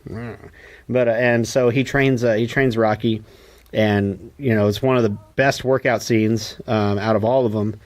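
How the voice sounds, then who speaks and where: A man co-hosting a casual podcast about a film, lively and quick to act out lines from scenes. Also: lowish voice. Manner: animated, acts out film dialogue in quoted voices. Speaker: podcast co-host. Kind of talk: casual movie discussion.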